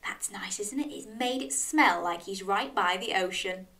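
A woman reads a picture book aloud and chats warmly to young children between pages. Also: mid-range voice, normal speed, distant mic. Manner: lively, animated, talks directly to young listeners. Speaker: children's storyteller.

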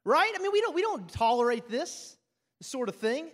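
A man's voice: sits high, animated, brisk, big-room sound. A man preaching a sermon, mixing self-mocking stories with Bible reading and often asking "right?". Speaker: pastor.

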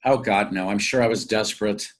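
A man, a stage actor guest, telling chatty, animated anecdotes in a casual interview. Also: on the low side, fairly quick.

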